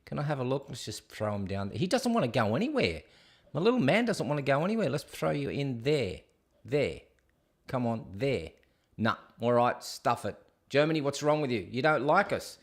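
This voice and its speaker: A man's voice: mid-range voice, sing-song, normal speed. A middle-aged man with an Australian accent hosting a casual solo livestream, chatty and jokey as he rambles and reads viewer comments aloud. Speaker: host.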